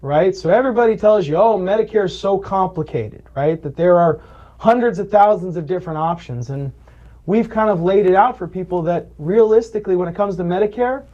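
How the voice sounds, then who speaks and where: This man's voice is high and dark, moving a little fast over lo-fi sound. Interviewed as a Medicare advisor, he relates stories about clients, performing their lines and asking "right?" again and again in easy conversation.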